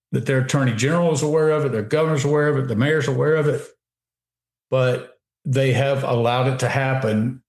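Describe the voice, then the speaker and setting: Speaking in a darkish, mid-range voice, a male guest commentator offers forceful opinions on a radio talk show and frequently starts his sentences over. A roomy echo fills the recording.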